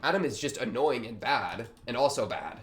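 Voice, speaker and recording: A man's voice: mid-range voice, expressive, moderate pace. A young man hosting a reaction video, talking in a rambling, slangy way with lots of fillers. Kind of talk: casual reaction commentary.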